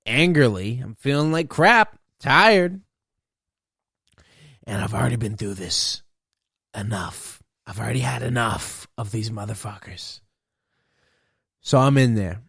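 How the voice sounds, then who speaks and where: A man's voice: mid-range voice, animated, measured pace, creaky, long pauses, fairly bright tone, breathy edge, no echo, studio quality. A man hosting a comedy podcast, telling a story as a profane, exasperated rant.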